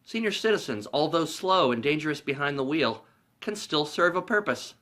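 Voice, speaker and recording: A man voicing a sly elderly woman on a mobility scooter, with a sweet, cheeky, mock-gentle manner. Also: on the high side, expressive, moderate pace. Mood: sweet, teasing.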